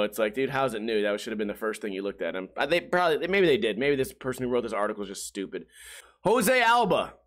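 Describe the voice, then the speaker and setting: Podcast host, male, higher voice, loose and rambly, jokes as he goes. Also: fairly bright tone. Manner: rambling, joking, trails off with "like". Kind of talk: casual solo podcast rant.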